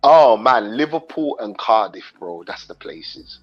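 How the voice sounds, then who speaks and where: A British man hosting a casual chat, talking in an animated, slangy way with some swearing. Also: fairly low pitch, a little slow, muffled recording, faint music behind. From England. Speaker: host.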